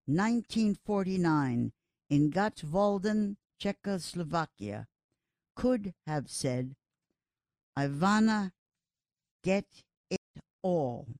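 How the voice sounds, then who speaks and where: An older columnist reads a personal piece in short, deliberate phrases. The pace is unhurried and careful. The voice sits dry and close, with no room around it. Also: medium pitch, a little mellow, no echo. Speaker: gossip columnist. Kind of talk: reading a personal column aloud.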